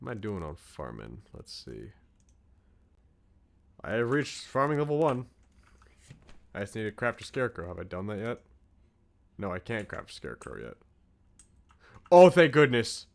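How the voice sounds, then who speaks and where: A man's voice: on the low side, creaky. An American man streaming a farming game, chatting in a rambling, jokey and crude way to his viewers. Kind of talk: casual gaming commentary.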